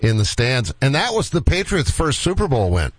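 Relaxed male interviewer, mid-pitched. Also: moderate pace, slightly rough, no room sound, rough recording. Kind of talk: casual interview chat.

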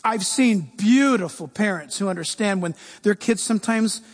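A male preacher with a husky, rather high voice. He speaks fervently and with emphasis, often repeating key phrases for effect. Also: moderate pace. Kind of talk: preaching on a talk show.

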